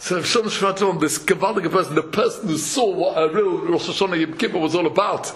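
A man's voice: high voice, fast. A man giving a Torah sermon, chanting verses and acting out parables with frequent chuckles. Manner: animated, chants verses, acts out quotes, chuckles often. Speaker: Torah lecturer.

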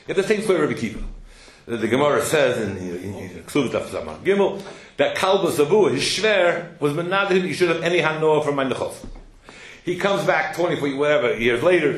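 A man teaching a Torah class, telling stories with plenty of Hebrew and Yiddish terms and often asking "hello?" to prod his listeners. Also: fairly high pitch. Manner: animated storyteller, asks "hello?" to prod listeners. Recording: echoey room with faint noise.

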